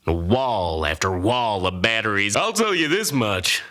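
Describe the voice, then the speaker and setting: A man's voice: on the low side, expressive, measured pace, sharp tone. A man playing a grizzled old cowboy who tells a comic tall tale in a folksy, boastful, rambling way. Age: older. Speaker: storyteller.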